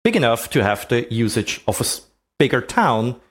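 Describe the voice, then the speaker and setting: Man with a lively, swooping voice. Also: medium pitch, normal speed. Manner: rhetorical questions, conversational. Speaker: presenter. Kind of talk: explanatory talk with slides.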